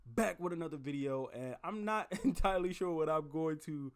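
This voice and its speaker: A man vlogging casually, telling a story in a profane, rambling, animated way. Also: a little high, normal speed, clear, resonant tone.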